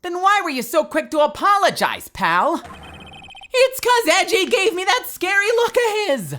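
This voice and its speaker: A woman voicing a goofy, lovesick young man who is excitable and whiny, in a dramatic reading of a game. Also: very high-pitched, unhurried, slight background noise, voice pushed up, full character voice.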